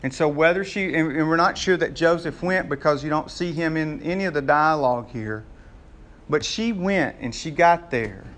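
A man's voice: a little high, moderate pace, fairly bright tone. A male pastor preaching a sermon in a folksy, conversational way and joking with his congregation.

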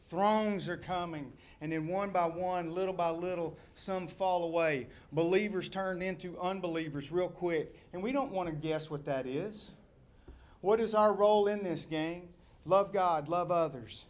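A middle-aged man, a pastor preaching a sermon with animated delivery, shouting quoted crowds and dropping to near-whispers. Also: high-pitched, a little slow.

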